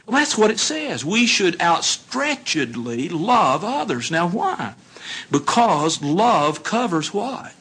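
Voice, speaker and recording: Guy preaching, husky voice, bit high, swings his pitch around a lot. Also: slow pace. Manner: animated storytelling, acts out dialogue, asks the audience questions. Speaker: congregation speaker. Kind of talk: sermon.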